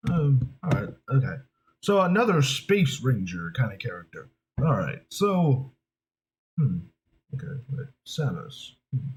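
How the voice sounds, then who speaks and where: Rambling young man, lively voice. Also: medium pitch, unhurried. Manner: rambling, hesitant, frequent fillers. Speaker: voice actor, video creator. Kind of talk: casual chat.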